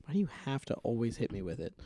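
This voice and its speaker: A man co-hosting a comedy podcast in casual chat, making wry, deadpan points. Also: medium pitch, quick pace. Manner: wry, builds jokes through deadpan reasoning. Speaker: podcast co-host.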